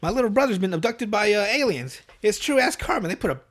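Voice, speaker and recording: A man puts on an earnest young schoolboy in a panic. He pleads quickly in a raised, youthful voice. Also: high voice, animated, pitched above the performer's own voice. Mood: urgent. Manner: pleading, urgent.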